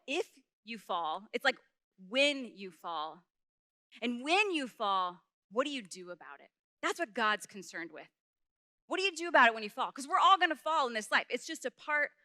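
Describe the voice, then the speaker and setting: A young woman speaks at a youth conference, storytelling with animation and acting out each quoted line. Her voice is bright and a bit high. The sound is dry and close. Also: no echo. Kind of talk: storytelling faith talk.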